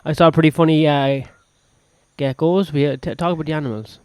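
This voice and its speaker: A man co-hosting a podcast in casual banter, goofy and deadpan, often dropping into a near whisper, recorded in a jungle hut. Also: fairly high pitch, a little fast, smooth, no echo. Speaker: podcast co-host. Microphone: wearing headphones.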